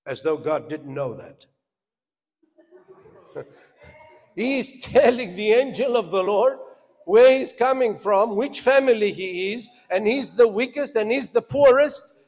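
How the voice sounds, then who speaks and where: A man preaching a sermon, swinging from loud, emphatic cries down to quiet asides. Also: high-pitched, lively intonation, slow pace, pauses often. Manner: preaching with dramatic rises into shouts and drops to a hush. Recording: long hall reverb.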